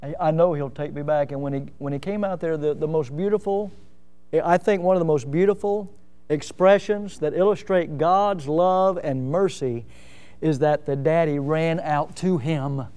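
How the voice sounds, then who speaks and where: High, clear-voiced man preaching a sermon. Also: moderate pace, warm tone. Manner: preaching with rising emphasis and storytelling asides. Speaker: pastor.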